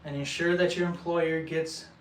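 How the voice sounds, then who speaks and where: Brief: young vlogger from El Paso, winded, earnest, slightly high voice, mic set back in a roomy space. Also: male voice, little pitch movement, slight background noise. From El Paso, Texas. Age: young adult. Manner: earnest, halting, with frequent restarts. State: short of breath. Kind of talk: casual talk to viewers. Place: indoor building site. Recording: echoey room, mic at a distance.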